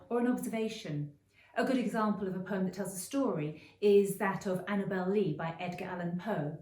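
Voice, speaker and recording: Chatty woman teaching, mellow echoey sound. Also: mid-range voice, distant mic. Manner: chatty, with frequent ums and restarts. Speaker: creative writing teacher. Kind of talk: friendly explanatory video lesson. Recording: roomy echo, voice a bit off-mic.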